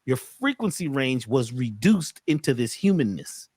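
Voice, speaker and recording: A man's voice: medium pitch, big pitch swings, measured pace, a little mellow, breathy edge, no room sound, clean studio sound. A man talking as a podcast guest, telling stories with rhetorical questions and slipping into acted voices. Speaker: podcast guest, mushroom teacher. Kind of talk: animated storytelling conversation.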